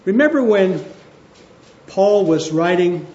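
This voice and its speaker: A male pastor giving a conversational sermon in a church hall, slowing down to stress his points. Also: high-pitched, expressive, warm tone, lo-fi sound, slight background noise. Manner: conversational, with slowed emphatic phrases.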